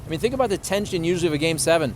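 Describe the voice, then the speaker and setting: A man co-hosts a relaxed sports podcast and speaks with steady enthusiasm, including when he reads a sponsor spot. His voice runs a little high. Faint traffic noise sits in the background. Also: rapid-fire. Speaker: podcast co-host. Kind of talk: casual chat.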